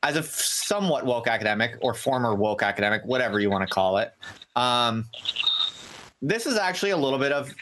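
A man in his thirties hosts a loose podcast conversation, rambling and cracking playfully sarcastic jokes. His voice sits at a middle pitch. A clear layer of noise runs under the recording. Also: expressive, a little fast, fairly bright tone, low-quality recording. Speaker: podcast host.

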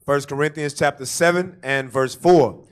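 A man reads scripture aloud, steady and respectful. His voice sits slightly high for a man. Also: moderate pace. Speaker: scripture reader.

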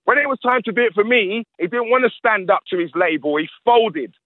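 A man's voice: sits high, lively intonation, fairly quick, dry recording, phone-quality sound. A man, a radio interview guest who rants emphatically and repeats his points. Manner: ranting, emphatic, repeats himself. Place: radio studio.

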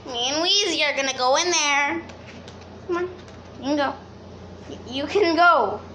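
A woman's voice: high voice, pushed and bright, slight background noise. Young woman cooing at her dogs. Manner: fond baby talk to dogs. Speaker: vlogger. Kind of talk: casual vlog talking to pets. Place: grandmother's home, in and out of doors.

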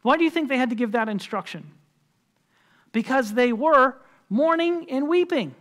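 A man's voice: very high-pitched, expressive, moderate pace, a bit bright. A man preaching a sermon as pastor in a church, conversational and emphatic, with frequent filler words. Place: church sanctuary.

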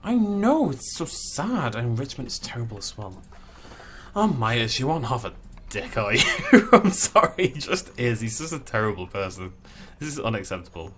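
A man's voice: mid-range voice, sing-song, normal speed, a bit bright. A young man giving casual commentary as he plays a zoo game, chatting and cooing at the animals. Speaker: gaming channel host.

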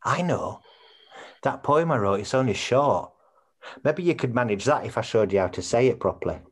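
A man's voice: medium pitch, animated, moderate pace, husky. An actor playing a chatty son planning a funeral, blunt and earnest, always checking with his mother. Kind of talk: comedy series acting on a video call.

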